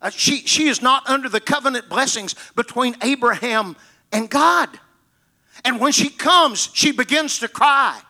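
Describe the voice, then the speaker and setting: Male preacher, high and bright-toned, delivering an emphatic sermon with dramatic storytelling. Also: animated, a little slow. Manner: emphatic, repeating key words for stress; dramatic retelling of scripture stories.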